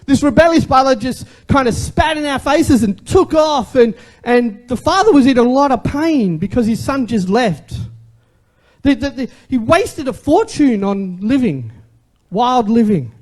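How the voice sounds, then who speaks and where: A man's voice: extremely high pitch, sing-song, measured pace, a little mellow. A man, preaching a sermon as a pastor in a conversational way and asking the congregation questions.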